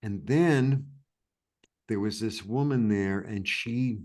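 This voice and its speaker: A man from New York, a guest in an interview, telling a story in a rambling, animated way with many restarts and fillers. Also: lowish voice, slow pace. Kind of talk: casual storytelling chat.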